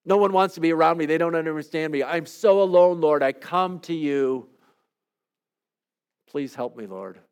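A man leading a devotional, praying aloud in an earnest, pleading way with soft, hushed trailing endings, then teaching calmly. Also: a little high, brisk, few pauses, clean tone. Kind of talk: reflective spoken prayer and teaching.

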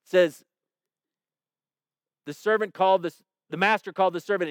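Smooth high-voiced man preaching. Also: moderate pace, pauses often, no echo. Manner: conversational preaching, retelling a parable with quoted voices. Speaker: pastor. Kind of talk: sermon.

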